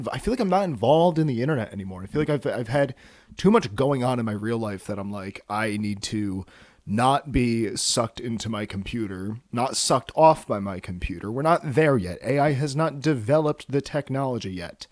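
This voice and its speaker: A man's voice: mid-range voice, animated, normal speed, no echo, clean studio sound. A man hosting a solo casual podcast, rambling and cursing with self-mocking jokes, tired from too little sleep. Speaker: podcast host.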